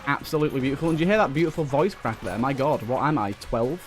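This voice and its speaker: A young man giving excitable running commentary while playing a video game, talking back to enemies on screen. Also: medium pitch, fast. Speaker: let's play host. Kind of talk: gameplay commentary. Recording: faint game music behind.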